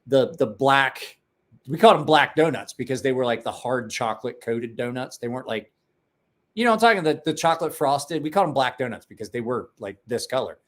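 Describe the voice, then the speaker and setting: This is a weary livestream host from Ohio, somewhere in his forties, chatting casually late at night. He tells meandering, foul-mouthed folksy tales and performs the quotes, speaking briskly in a mid-range, slightly bright voice with lively intonation.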